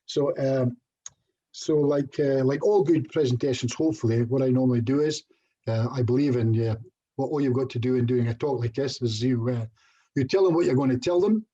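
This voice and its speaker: A middle-aged hypnotherapist from Scotland gives a casual online presentation, chatty and self-deprecating, dropping in little jokes. His medium-pitched voice is brisk and warm with a breathy edge, and the sound is lo-fi.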